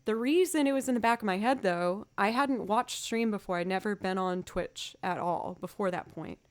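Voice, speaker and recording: A woman's voice: mid-range voice, normal speed. A woman music streamer in casual live-stream chat, rambling, chatty and self-deprecating.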